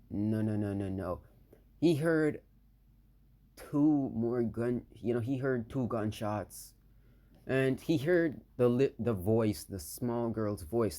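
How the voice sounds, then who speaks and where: A man telling an improvised fan story in a halting way, full of filler words and restarts. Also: medium pitch, a little mellow. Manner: slow, hesitant delivery.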